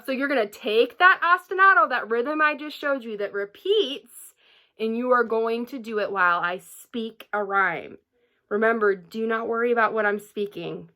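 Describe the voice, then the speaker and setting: A woman's voice: mid-range voice, pushed and bright. A young woman teaching a music lesson to children at home, patient and encouraging, often checking in with "okay?". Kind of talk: remote classroom lesson for children.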